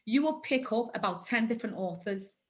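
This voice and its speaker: A woman's voice: a little high, animated, a little fast, darkish tone. A woman in her forties with a Liverpool accent, a guest in a conversational interview, speaking emphatically and repeating phrases for stress. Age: 40s.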